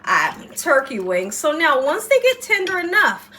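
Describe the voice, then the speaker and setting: High-voiced woman cooking at home. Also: wildly swooping pitch, normal speed, bright, forceful tone, roomy sound, slight background noise. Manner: chatty, coaxing, frequent "okay?" and "right?" check-ins. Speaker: cooking show host. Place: home kitchen.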